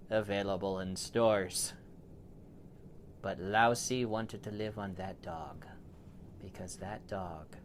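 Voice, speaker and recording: A man improvising a bedtime story for a child, playful and animated, with big swings in loudness. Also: on the low side, slight background noise.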